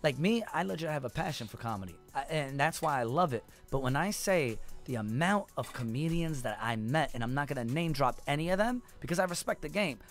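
A man, a stand-up comedian, chatting casually on a podcast with emphatic, animated storytelling. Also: on the high side, a little fast, few pauses, soft background music. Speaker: comedian and show host.

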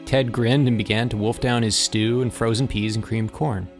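A man narrating a short story in a steady, measured audiobook reading. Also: medium pitch, soft background music. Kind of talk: scripted narration.

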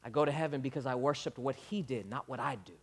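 A man preaching a sermon as pastor, animated, acting out dialogue and building up to shouts. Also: mid-range voice, quick pace, slightly rough.

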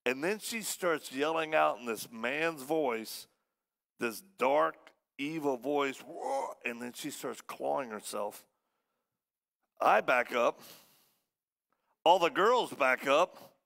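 A man preaching as a guest, telling a story in a lively way and acting out the voices of the people in it. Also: mid-range voice, slow, creaky. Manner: animated, acts out quoted voices. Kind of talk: storytelling sermon.

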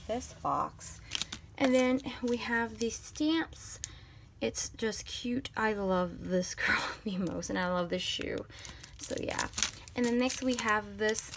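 A woman's voice: medium pitch, gravelly, heavy background noise. A woman chatting to her viewers as she unboxes planner supplies, gushing over each item as she handles it. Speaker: planner vlogger. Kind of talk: casual unboxing haul.

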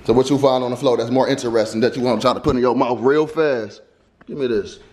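A man's voice: mid-range voice, steady tone, fast talker, darkish tone. A young man vlogging at home, playfully coaxing his baby to walk while chatting to viewers. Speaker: vlogger parent. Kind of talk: casual family vlog. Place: family home.

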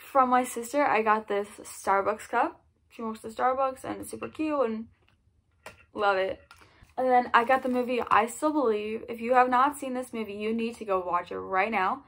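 A woman's voice: on the high side, fairly bright tone. Gushing, chatty young-sounding woman vlogger. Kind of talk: casual gift haul vlog.

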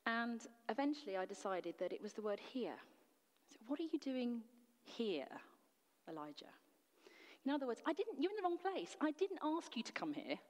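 A woman's voice: fairly high pitch, big pitch swings, fairly quick, long reverb tail. A woman preacher delivering a sermon in an earnest, emphatic way, full of rhetorical questions. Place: church.

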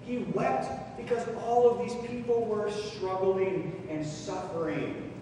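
A pastor with a higher male voice preaches a lively, questioning sermon to his congregation, taking it slowly. He is heard from far off in an echoey church sanctuary, with faint ambience and a noisy background. He mimics dismissive comforters and puts questions to the congregation.

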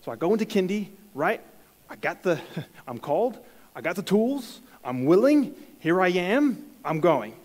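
A man's voice: sits high, a little slow. New man telling a story in a hall. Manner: animated storytelling with stammered restarts and laughter. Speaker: church speaker sharing a testimony. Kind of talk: sermon-style personal story.

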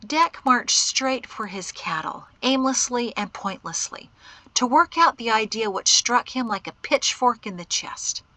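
A woman's voice: fairly high pitch, sharp tone. A woman narrating an audiobook expressively, voicing each character. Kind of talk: scripted narration.

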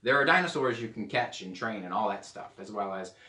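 A man's voice: lowish voice, lively intonation, brisk, pushed and bright. Chatty preacher man, echoey room. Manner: chatty and joking, with playful put-on accents. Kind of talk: casual teaching sermon. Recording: echoey room, mic at a distance.

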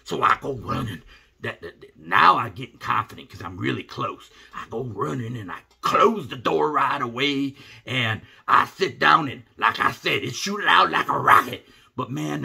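Middle-aged guy, deep gravelly voice with a sharp edge, rambling funny story. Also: measured pace. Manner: animated, rambling, drops to hushed asides. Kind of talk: folksy comic storytelling.

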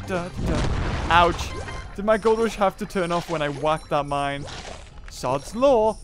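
A woman hosting a let's play, excitable, muttering low then bursting into loud outbursts. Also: a little slow. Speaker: gaming channel host. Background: game music.

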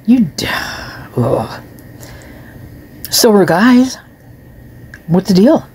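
A woman's voice: medium pitch, sing-song, very slow, darkish tone, slightly rough. A woman talking casually into her phone at home, reading out comments and reacting with disgust. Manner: chatty, reacts with disgust and laughs, talks to her cat. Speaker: true crime commentator. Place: home, seated in a chair.

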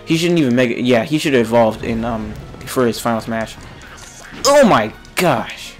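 Animated, exasperated young gamer guy. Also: medium pitch, moderate pace, faint music behind. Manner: exasperated, excitable, jokey, frequent yelps and grunts. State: slightly sick-sounding. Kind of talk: let's play commentary.

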